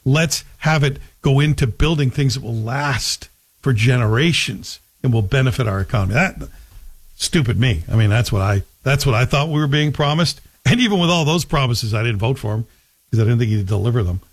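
A man's voice: mid-range voice, animated, fairly quick, slightly rough. A man hosting a morning talk radio show, chatting wryly and mocking himself. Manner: wry, self-mocking, chatty. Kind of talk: casual talk radio commentary.

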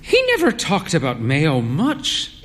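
A man's voice: a little high, huge pitch swings, a little slow, a bit bright, slight background noise, exaggerated voice. A man doing a tart, scolding older woman.

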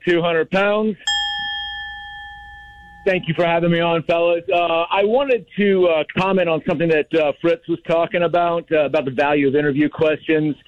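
A man with a high voice calls in over a dull, muffled phone line. He rambles and hesitates, filling his sentences with uhs. He is from North Carolina, and the line sounds dry. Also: no echo. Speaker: caller. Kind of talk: call-in radio chat.

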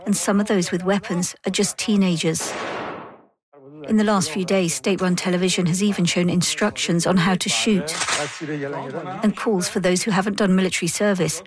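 A woman delivers a news report in a lower-pitched, steady voice. Her tone is informative and composed. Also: normal speed, a crowd in the background. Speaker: news correspondent. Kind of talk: broadcast news narration.

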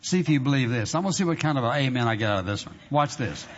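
A man's voice: medium pitch, expressive, racing, a little hiss or hum. A man preaching a sermon as pastor, emphatic and conversational, repeating phrases and prompting the congregation for amens. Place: church sanctuary. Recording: dull reverberant hall recording.

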